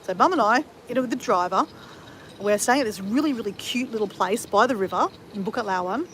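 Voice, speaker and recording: A woman of fifty talks loosely to her livestream viewers, rambling from one travel story to the next and swearing freely. Her voice sits in a middling pitch. A faint hiss of noise runs underneath. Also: animated, a little fast, fairly bright tone. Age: 50s. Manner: chatty, rambling, with frequent swearing and fillers. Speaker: travel vlogger. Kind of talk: casual livestream chat answering viewers.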